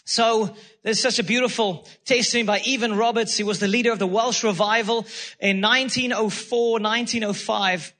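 A man's voice: high voice, steady tone, brisk, sharp tone. A man preaching a sermon as pastor, fervent and repetitive, calling out praise between points. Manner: fervent preaching with repeated phrases and exclamations.

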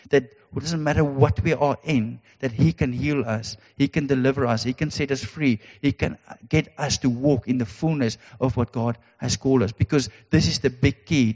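A man with a medium-pitched, slightly mellow voice preaches a sermon. He is earnest and repetitive, pressing his points with emphatic rhetorical questions. The sound is dull and echoes through a reverberant hall.

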